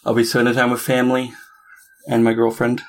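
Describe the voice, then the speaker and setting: A man's voice: medium pitch, monotone, a little hiss or hum. Hesitant young man from Cape Breton. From Cape Breton Island, Canada. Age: young adult. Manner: hesitant, giggly, halting. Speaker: podcast guest. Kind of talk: casual chat.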